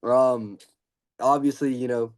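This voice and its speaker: Teen male interviewer, eager, filler-heavy, mid-pitched. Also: steady tone. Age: teens. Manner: eager, fast, many fillers. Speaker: podcast host, interviewer. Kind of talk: casual interview.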